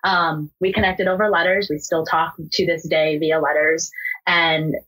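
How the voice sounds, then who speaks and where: Young woman from the US, husky low voice, casual candid storytelling, emotional, swears, lots of "like". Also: little pitch movement, measured pace, fairly bright tone, low-quality recording. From United States. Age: young adult. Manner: candid, emotional, swears freely, many fillers like "like". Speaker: interview guest.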